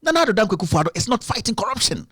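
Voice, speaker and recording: A man's voice: high voice, very animated, rapid-fire, fairly bright tone, husky, no echo, studio quality. A man hosting a live-stream show, giving emphatic, repetitive political commentary.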